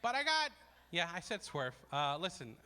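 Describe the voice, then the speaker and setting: Guy in his 40s doing standup, high bouncy voice, bright tone, echoey hall. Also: huge pitch swings, moderate pace, clear, resonant tone. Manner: self-deprecating, rambling asides. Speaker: comedian hosting a charity fundraiser. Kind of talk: stand-up comedy.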